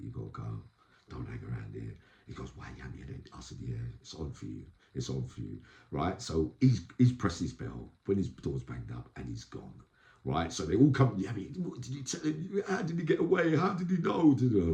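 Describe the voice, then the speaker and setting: A man's voice: deep voice, echoey room. A man telling prison stories in a casual, slang-filled monologue, acting out what others said. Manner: animated, street slang, acts out quoted voices. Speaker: vlogger recounting prison life.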